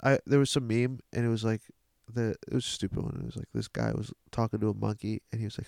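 A man's voice: fairly low pitch, fairly even intonation, fast talker, vocal fry, darkish tone, no echo, studio quality. A man co-hosting a casual comedy podcast, telling rambling, jokey stories.

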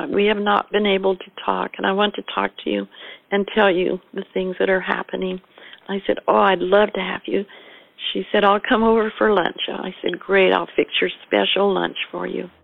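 An older woman, a bereaved mother, recalling her past in a measured storytelling voice, quoting herself and others as she goes. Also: mid-range voice, gravelly, no echo, phone-quality sound. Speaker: interviewee, mother of a murder victim. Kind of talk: personal recollection.

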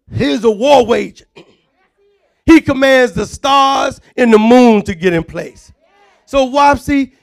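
A man preaching a fervent sermon, often shouting and calling on the congregation to respond. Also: very high-pitched.

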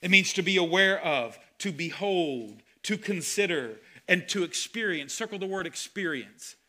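A man preaching a sermon as pastor, animated, with sudden loud exclamations. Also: high voice, moderate pace.

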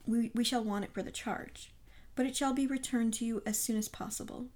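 Brief: woman playing a brisk, courteous male inspector, audiobook reading. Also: a little high, steady tone, darkish tone, natural voice. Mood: formal. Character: police inspector, man, brisk and formal.

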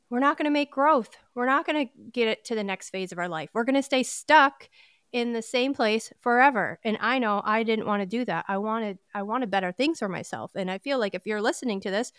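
Smooth-voiced woman, candid podcast host. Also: medium pitch, no room sound, clean studio sound. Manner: earnest, candid, encouraging, with quick restarts. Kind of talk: personal motivational podcast talk.

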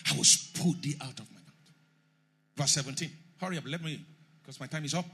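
A man preaching a sermon emphatically, rising to shouts and leading the congregation in call and response. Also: a little high, fairly quick, pauses often, slightly rough.

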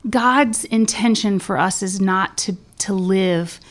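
A woman's voice: mid-range voice, takes it slowly. A woman co-hosting a casual faith podcast, asking questions and telling stories with animation. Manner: animated storyteller, leads the discussion with questions. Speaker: podcast co-host.

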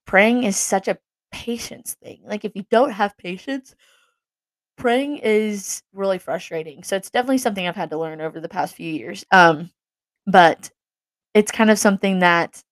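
A young woman talks earnestly about faith in a loose, rambling way, full of fillers and restarts. Her voice sits a little low for a woman. The sound is dry and close, with no room echo. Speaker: Christian vlogger. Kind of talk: casual faith talk.

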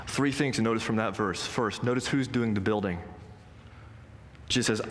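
Earnest male pastor preaching in a reverberant hall. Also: mid-range voice. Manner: emphatic, earnest preaching with slow stressed quotes. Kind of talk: sermon. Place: church sanctuary.

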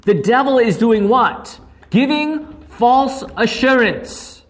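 A pastor preaching a sermon in a loud, animated way, often checking in with the listeners through quick tag questions. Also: mid-range voice. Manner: loud, near-yelling delivery. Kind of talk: sermon with Bible study.

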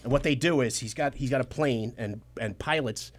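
A man, a comedian, chatting casually and telling stories with acted-out quotes. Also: medium pitch. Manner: quick, animated storytelling with acted-out quotes. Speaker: comedian guest. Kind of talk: casual chat with storytelling.

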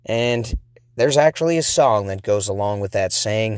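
A man's voice: fairly low pitch, animated, moderate pace, a little mellow, clean tone, dry recording. A man hosting a podcast who tells a personal story in a rambling, self-deprecating way, with lots of restarts, on a close mic. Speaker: podcast host. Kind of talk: casual storytelling monologue.

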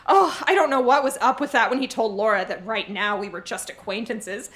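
A woman's voice: fairly high pitch, brisk, few pauses, noisy background. A woman reading her teenage diary aloud on stage to a live audience, with a dramatic, gushing delivery and comic timing. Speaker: live show reader. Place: stage before a laughing audience.

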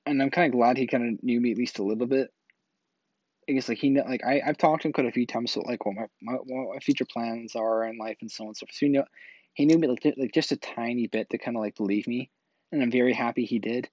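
A man's voice: medium pitch, fast talker, a little mellow, slightly rough, no echo. A man casually telling a personal story, rambling with lots of filler words and restarts. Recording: dull, slightly lo-fi dry recording.

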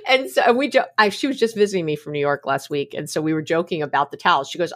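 A woman's voice: medium pitch, brisk. A middle-aged woman explaining mindfulness in casual conversation, acting out little scenes with laughs. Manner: animated storytelling with laughs and acted-out quotes. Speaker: guest expert on mindfulness.

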